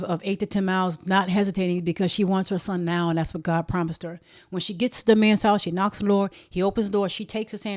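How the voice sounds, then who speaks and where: A woman retelling a history story in a casual, animated way, often repeating words as she goes. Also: mid-range voice.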